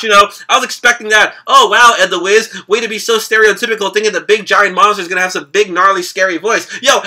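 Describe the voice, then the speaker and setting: A young man hosting a casual cartoon reaction video, talking in an excitable, slangy way. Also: sits high. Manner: excitable and slangy, lots of laughing asides. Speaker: YouTube reaction host.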